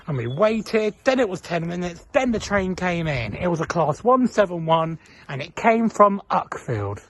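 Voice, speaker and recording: A man's voice: sits high, sing-song, normal speed, fairly bright tone, no echo. A young man from England telling a story in a casual vlog, earnest and chatty, acting out the voices of the people he quotes. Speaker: vlogger.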